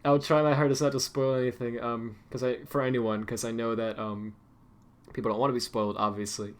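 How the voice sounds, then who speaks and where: A man's voice: mid-range voice, flat delivery, a little fast. A man streaming, chatting casually and rambling with lots of fillers and restarts.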